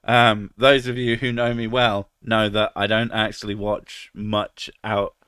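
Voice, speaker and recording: A man's voice: fairly low pitch, little pitch movement, a little slow, fairly bright tone, clear, resonant tone, no echo, studio quality. A man with a cold, casually chatting on a live stream, joking crudely and reading out chat messages. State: has a cold, about to sneeze.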